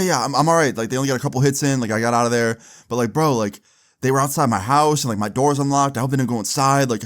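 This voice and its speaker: A young man casually telling a long personal story, slangy and animated, acting out quoted dialogue. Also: mid-range voice. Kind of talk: casual storytime over gameplay.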